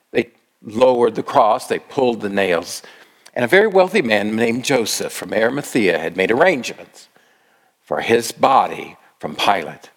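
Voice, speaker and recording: Man, preacher, dramatic sermon storytelling, slow delivery, lively swooping pitch. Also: slightly rough. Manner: emotive storytelling, slow with sudden rises.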